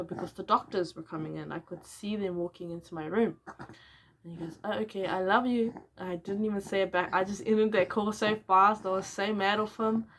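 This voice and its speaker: A woman's voice: mid-range voice, a bit bright. Young mother recounting her story. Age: young adult. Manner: candid, acts out both sides of phone calls. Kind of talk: personal storytelling vlog.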